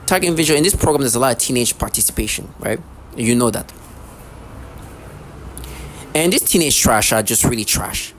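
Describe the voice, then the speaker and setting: Guy ranting into his camera, mid pitch, keeps repeating himself and cursing, bit of faint noise behind. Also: animated, a little fast. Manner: agitated, repetitive, profane, many restarts. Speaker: vlogger. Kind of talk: rambling monologue to camera.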